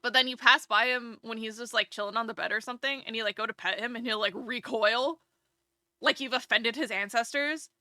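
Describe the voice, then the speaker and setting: Woman streamer, casual live chat, bright crisp tone, close dry sound, rambling delivery. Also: fairly high pitch, steady tone, fairly quick, no room sound. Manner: rambling, chatty, with many fillers and restarts.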